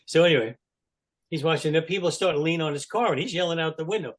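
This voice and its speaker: A man's voice: sits high, lively intonation, normal speed. A man in his sixties telling casual stories as a podcast guest, rambling with many "you know" fillers and laughing as he talks. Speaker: guest, longtime fan. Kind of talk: casual anecdotal storytelling.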